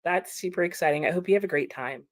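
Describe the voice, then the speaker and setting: A woman's voice: lowish voice, fast, no room sound. A woman hosting a casual livestream, chatting about chat comments with frequent laughs and lots of "like" fillers.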